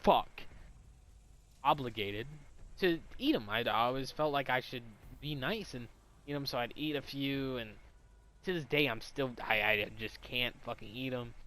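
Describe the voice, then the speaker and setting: A man's voice: mid-range voice, normal speed, bright, forceful tone. A young adult man telling a personal story in a casual, rambling, heavily profane way.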